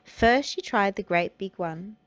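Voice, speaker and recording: A woman reading a children's storybook and nursery rhymes aloud, in a gentle, unhurried way. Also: mid-range voice, expressive, no echo. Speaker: children's book reader.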